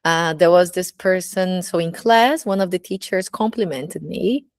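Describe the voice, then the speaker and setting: A woman's voice: fairly low pitch, a little slow, no room sound, studio quality. A woman with a Brazilian accent, a burlesque teacher speaking candidly in a casual personal monologue, full of "you know, like" fillers.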